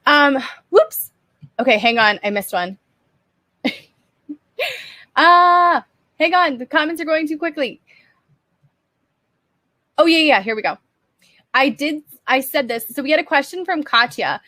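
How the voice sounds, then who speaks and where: A woman's voice: sits high, expressive, a little slow, long pauses, pushed and bright, no room sound. A young woman teaching design on a casual live stream, chatty and upbeat, answering viewer questions with lots of "um" and "like".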